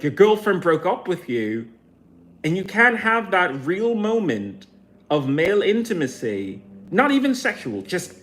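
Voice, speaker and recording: Rambling profane streamer, unhurried delivery with a pitch that swings widely. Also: a bit bright. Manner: profane, meandering, self-questioning. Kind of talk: casual rambling monologue.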